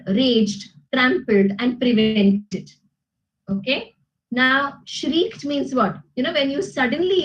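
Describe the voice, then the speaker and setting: A woman's voice: sits high, rough recording. A woman teaching grammar to a class, patiently explaining and checking in with "you know" and "okay?". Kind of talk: classroom lesson with student responses.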